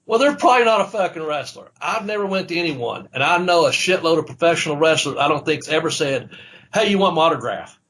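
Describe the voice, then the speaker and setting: A man's voice: on the high side, quick pace, slight background noise. A man hosting a casual podcast chat, rambling and swearing as he tells stories from wrestling. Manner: rambling, profane, animated storytelling.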